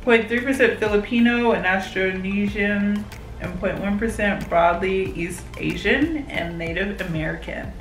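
Slow-talking giggly young woman. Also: medium pitch, soft background music. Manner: giggly, chatty, lots of fillers. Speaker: vlogger. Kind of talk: casual vlog chat. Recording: roomy echo.

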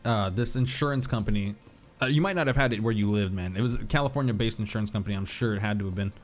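A man's voice: on the low side, fast. A man in his thirties streaming a video game, telling rambling stories and swearing casually. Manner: rambling storyteller, swears, laughs easily. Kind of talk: casual gaming commentary. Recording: faint music behind.

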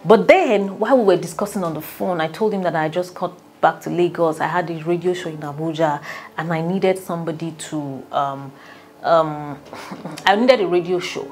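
A Nigerian woman, a relationship coach, telling a personal story in an animated way and often breaking into laughter. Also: lowish voice, moderate pace, slight background noise.

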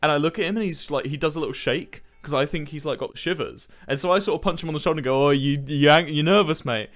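A young man chatting casually to his stream viewers, telling stories in a rambling, animated way with plenty of swearing. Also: fairly high pitch, fast, faint music behind.

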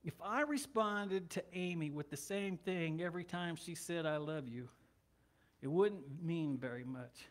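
High-voiced man preaching a sermon. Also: measured pace. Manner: conversational, joking asides. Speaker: pastor. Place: church.

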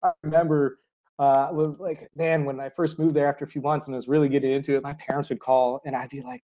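A man, a high school teacher, talks quickly in a relaxed interview. His voice sits a little high for a man. He tells stories in a lively way, acts out quoted lines and laughs often. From United States. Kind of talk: casual interview conversation.

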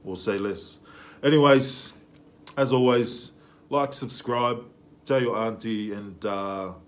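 A man's voice: fairly low pitch, slow pace. A young man hosting a music reaction video, talking casually and with enthusiasm, full of slang and fillers.

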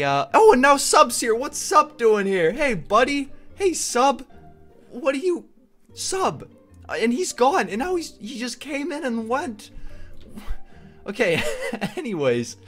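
Excitable young man narrating gameplay. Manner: playful, pleading, pitch jumps high when excited. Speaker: gaming video host.

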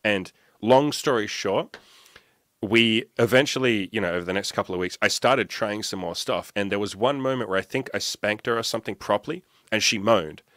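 A man's voice: fairly low pitch, moderate pace, a bit bright, no room sound, studio quality. A man on a podcast as a guest, telling a candid, profane personal story and acting out his own past thoughts. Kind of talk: casual storytelling.

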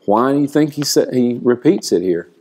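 A man teaching a church Bible class, explaining slowly and asking the class questions. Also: medium pitch, expressive, a little mellow.

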